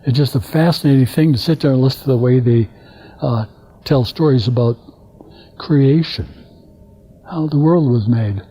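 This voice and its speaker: Husky older man telling stories. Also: medium pitch, dark tone. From Alaska. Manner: halting, rambling, acts out quoted dialogue. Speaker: guest lecturer. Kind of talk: anecdotal storytelling lecture. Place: lecture hall. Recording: dull lo-fi lecture recording.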